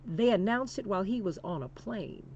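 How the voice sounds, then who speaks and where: A woman's voice: mid-range voice, lively intonation, moderate pace, darkish tone, highs cut off, a little hiss or hum. A woman hosting a political talk show, speaking with emphatic, preacher-like repetition and calling listeners "honey". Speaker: radio talk show host.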